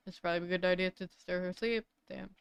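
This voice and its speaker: A woman's voice: on the low side, steady tone, fast talker, clean tone, no room sound. A woman streamer reading a game's text aloud with casual, wry asides into a close microphone. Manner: casual, wry asides between read lines.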